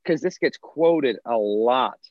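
A man co-hosting a podcast in casual chat, rambling with lots of fillers and quick chuckles. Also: medium pitch, animated, a little mellow, dry recording, highs cut off. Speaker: podcast co-host.

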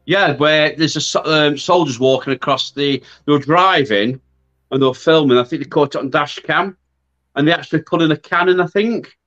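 A man's voice: fairly high pitch, moderate pace, fairly bright tone. A man hosts a casual paranormal chat, rambling and tagging his points with questions. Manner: chatty, trailing, asks for agreement with tag questions. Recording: slightly dull, lo-fi sound.

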